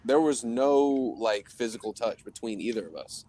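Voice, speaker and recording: Young man, podcast co-host, casual chat, rambling profane storytelling, mid-pitched voice. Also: animated, normal speed, dark tone.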